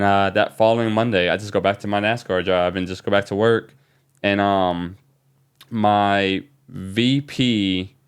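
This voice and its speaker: A man from New Orleans, a young adult, guest on a podcast, telling an excited story with many fillers. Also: fairly low pitch, clean tone. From New Orleans, USA. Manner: animated, excited retelling with fillers. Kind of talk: casual storytelling.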